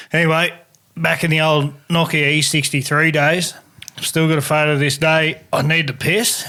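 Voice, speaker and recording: A man's voice: on the high side, fairly bright tone. An Australian man on a podcast telling a cheeky, laughing anecdote in casual chat.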